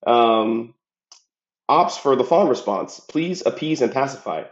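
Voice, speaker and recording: A man's voice: medium pitch, lively intonation, measured pace. A man in a casual monologue, talking bluntly and profanely, rambling with fillers. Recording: roomy, dull lo-fi sound.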